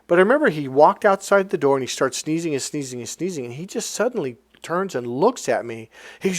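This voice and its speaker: A man's voice: on the high side, sing-song, fast talker, dry recording. A man, a life coach, telling a personal story in a rambling, blunt, casual way, swearing now and then.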